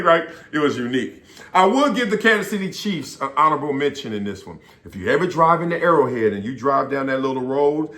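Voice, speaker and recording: A middle-aged man and former football player, telling stories in a casual, animated monologue, often laughing and acting out other people's voices. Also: on the high side. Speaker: former NFL player and show host.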